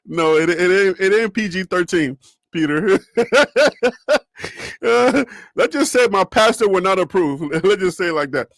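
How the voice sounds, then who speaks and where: A man's voice: sits high, lively intonation, a little slow, dry recording. A young man hosting a casual sports live stream, laughing often and talking straight to his viewers. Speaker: sports show host.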